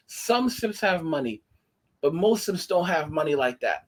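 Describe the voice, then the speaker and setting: A man's voice: high voice, moderate pace. A man hosting a commentary channel, ranting indignantly and rambling with many restarts.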